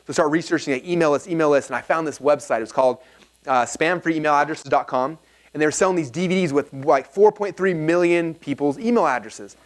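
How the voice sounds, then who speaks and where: A man presents a seminar to a live audience, telling a story with energy and a casual style full of "like" fillers. His voice is on the high side and fairly quick.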